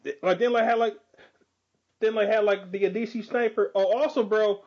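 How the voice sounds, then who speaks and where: A man's voice: high voice, steady tone, normal speed, highs cut off. A man in a casual chat, rambling in profane slang with lots of fillers.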